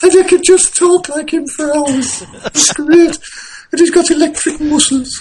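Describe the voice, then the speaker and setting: Squeaky chirpy little gingerbread guy, attempted northeast english accent. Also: fairly even intonation, a little slow, a little mellow, a little hiss or hum, rough recording. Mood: gleeful. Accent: Northeast England, attempted. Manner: squeaky, sing-song. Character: tiny male gingerbread man with electric muscles, chirpy.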